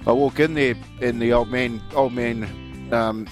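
A middle-aged New Zealand man chats through a radio show, spinning stories and laughing along as he goes. His voice sits at an ordinary pitch, with soft music playing faintly beneath. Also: fairly even intonation, measured pace. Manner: chatty storyteller, laughs often. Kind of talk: casual chat.

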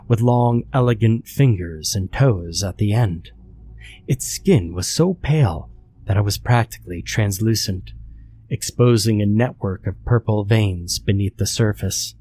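A man reads a horror story aloud in a steady, measured way. His voice sits fairly low, and the delivery is scripted narration.

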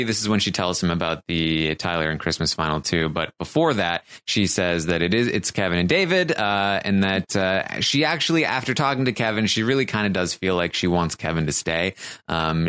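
Low-voiced man recapping a show. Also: lively intonation, a bit bright, smooth, no echo, studio quality. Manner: halting, many fillers and restarts. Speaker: podcast co-host recapping a reality show. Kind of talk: casual recap chat.

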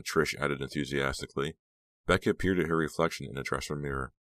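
A man narrating an audiobook in a measured storytelling manner. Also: rumbling low, level tone, bright, forceful tone, no room sound. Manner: measured storytelling, voicing all characters. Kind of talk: scripted narration.

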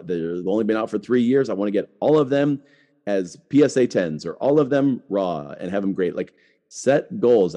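With a warm, medium-pitched voice, this middle-aged podcast host chats casually, his speech full of "like" and sentences he starts over.

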